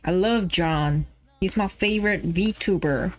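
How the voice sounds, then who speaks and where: Slightly tipsy, a woman VTuber streams casually, wandering off topic, swearing and laughing as she chats. She speaks slowly in a lowish voice, with faint music in the background.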